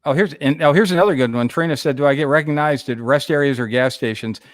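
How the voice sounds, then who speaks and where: A middle-aged man, a radio host, chatting casually on a livestream and telling stories with lively acted-out quotes. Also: medium pitch, fast talker, no room sound, studio quality. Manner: animated storyteller, acts out quotes.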